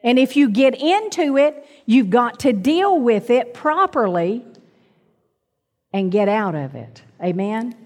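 A middle-aged woman preaching in a church sanctuary, her slightly high voice carrying a long reverb through the hall. She takes her time and draws the congregation in with repeated calls for amens. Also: very animated, slow pace, darkish tone. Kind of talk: sermon.

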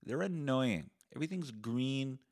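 A man's voice: medium pitch, measured pace. A young man from Canada hosting a podcast, delivering a sarcastic, profane solo rant. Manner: sarcastic, profane, animated ranting. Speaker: podcast host.

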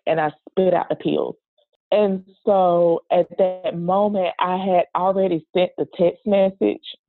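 A woman telling an emotional personal story in an interview, speaking in a halting, earnest way. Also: lowish voice, vocal fry, no room sound. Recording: dry, tinny phone-like sound.

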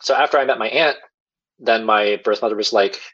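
Low husky man telling a story. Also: fairly quick, a bit bright, highs cut off. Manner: rambling, filler-heavy, chuckles while talking. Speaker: podcast guest telling his story. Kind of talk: casual storytelling.

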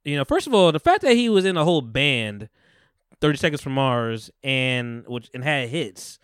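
A man hosting a podcast, retelling a movie in a rambling, animated way with casual swearing. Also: mid-range voice, normal speed, smooth, no room sound, studio quality. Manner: rambling, animated retelling with profanity and acted-out quotes. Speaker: podcast host. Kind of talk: casual chat.

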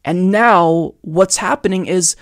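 A man's voice: sits high, slow, no echo, clean studio sound. A man hosting a political commentary show, talking straight to his viewers in an emphatic, persuasive monologue.

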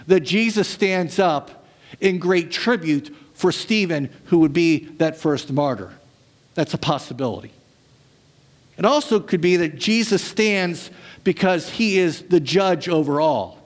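High-voiced man preaching a sermon. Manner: dramatic preaching, acts out quotes, drops low for emphasis; rhetorical questions, humorous asides. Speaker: pastor.

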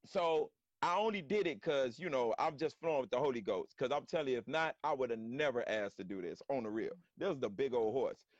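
A man telling a story in casual slangy talk on a live stream, animated and acting out quotes. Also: mid-range voice, a little fast, hardly any pauses, no echo, dull audio. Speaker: guest storyteller.

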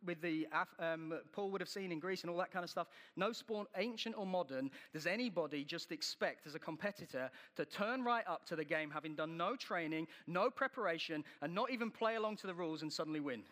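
High, bright-voiced preacher. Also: male voice, brisk, hardly any pauses, big-room sound. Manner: animated storytelling, acting out scenes. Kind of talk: sermon.

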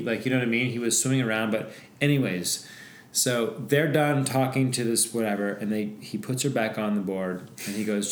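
A man's voice: medium pitch, normal speed. A man telling a long story to friends in a casual chat, acting out voices as he goes. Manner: animated storyteller, acts out voices. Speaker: podcast guest. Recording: echoey room, faint noise.

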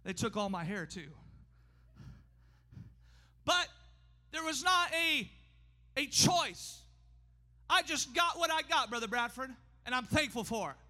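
A man preaching a sermon in a church, emphatic and often shouting, his delivery swinging between fast bursts and slow drawn-out lines. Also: extremely high pitch. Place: church sanctuary. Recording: long hall reverb.

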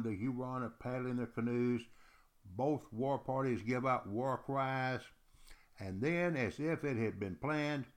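A male storyteller recounts history in a lively, folksy spoken style. He speaks at an ordinary middle pitch and often turns to address his listeners directly. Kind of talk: oral storytelling.

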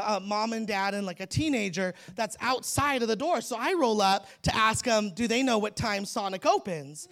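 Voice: medium pitch, fairly bright tone. A preacher giving a sermon in a conversational, humorous storytelling manner and speaking straight to the congregation. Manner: addresses the congregation directly.

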